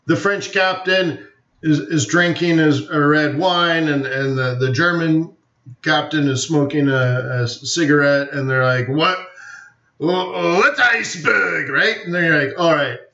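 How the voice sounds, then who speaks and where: A man's voice: on the high side, fairly even intonation, a little slow, pushed and bright. A man hosting a live forex webinar, rambling casually with opinions and jokes. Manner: rambling, opinionated, jokey, many fillers. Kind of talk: casual live-stream commentary. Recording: roomy, dull lo-fi stream audio.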